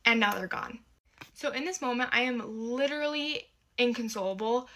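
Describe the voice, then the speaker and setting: A woman's voice: on the high side, pushed and bright. A young adult woman from the United States telling a personal story to camera in a casual, emphatic and sarcastic way.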